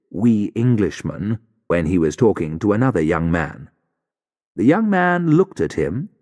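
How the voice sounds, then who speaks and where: A man giving a clear, deliberate scripted audiobook narration for English learners, sometimes slowing on key words. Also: mid-range voice, a little mellow, big-room sound.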